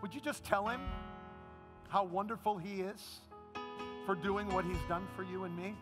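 A man's voice: sits high, fairly even intonation, moderate pace, over music. A man preaching a sermon as pastor, then leading the congregation in an emotional prayer. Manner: impassioned preaching, rising to a shout.

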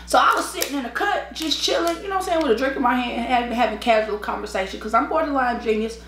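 A tired woman hosting a mukbang talks fast in a voice on the high side, telling animated, slangy stories and laughing often. Between sentences she eats and takes sips. Her own microphone picks up slight background noise in an echoey room.

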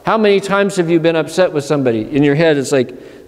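Conversational preacher in a reverberant church. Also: male voice, on the high side, fast, a little mellow. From Pennsylvania. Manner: conversational, acts out inner voices. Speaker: monastery abbot. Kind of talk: sermon at a retreat.

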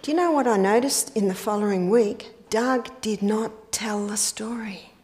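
A woman's voice: medium pitch, normal speed, a little mellow. A woman giving a church health lecture, telling stories and asking rhetorical questions, sometimes dropping to a whisper on key points. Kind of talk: sermon-style lecture to an audience.

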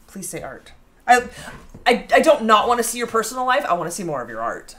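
A woman's voice: on the high side, big pitch swings, brisk, sharp tone. A woman hosting a casual home baking live stream, chatting and reading out viewer comments. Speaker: baking show host. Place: home kitchen.

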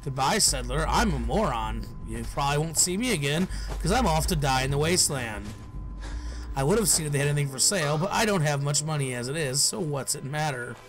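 A man's voice: a little high, expressive, brisk, faint music behind. A man giving joking commentary while playing a game, talking to himself and to game characters with mock outbursts, on a desk mic. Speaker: let's play gamer. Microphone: headphones and desk mic.

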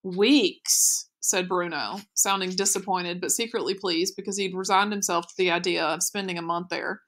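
A woman teacher reading a children's novel aloud in a clear, steady, expressive way. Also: on the low side, a little fast. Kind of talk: audiobook read-aloud narration.

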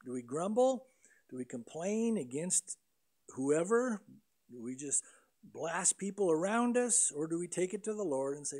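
A man preaching a sermon as pastor, animated and conversational, acting out prayers and complaints in quoted voices. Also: on the high side, a little slow. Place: church sanctuary.

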